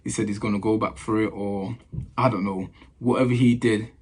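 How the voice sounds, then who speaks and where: A man's voice: lowish voice, fairly even intonation, a little fast, slightly rough. A man, a footballer casually telling a story to camera in slangy talk, often repeating his phrases.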